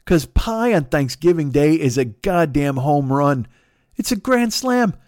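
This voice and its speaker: A man's voice: a little high, a little slow, no room sound, clean studio sound. A middle-aged man from the Midwest hosting a podcast, ranting casually with lots of swearing and stumbling restarts. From Chicago, USA. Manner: profane, animated, stumbling restarts. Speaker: podcast host.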